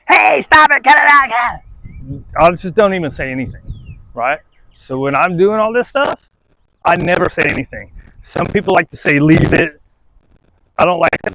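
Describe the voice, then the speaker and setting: A dog trainer with a slightly high, fairly bright voice offers casual, conversational training tips outdoors, frequently checking in with "right?" The recording quality is low.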